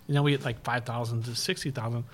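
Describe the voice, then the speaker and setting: A man's voice: mid-range voice, fairly even intonation. Swearing, laughing graffiti artist man. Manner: profane, laughs often, rapid bursts. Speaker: graffiti artist and live-stream host. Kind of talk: casual podcast chat, storytelling.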